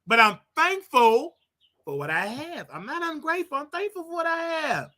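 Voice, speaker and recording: Man, livestream host, bright tense voice, animated, repeats himself. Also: very high-pitched, moderate pace. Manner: animated and repetitive, preachy asides; talks straight to viewers. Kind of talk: casual livestream rant.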